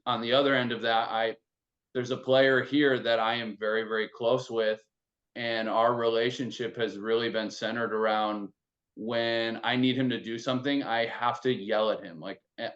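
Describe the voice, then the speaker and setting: A man's voice: lowish voice, a bit bright. A man hosting a casual podcast discussion, talking loosely with lots of filler words. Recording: dull lo-fi sound.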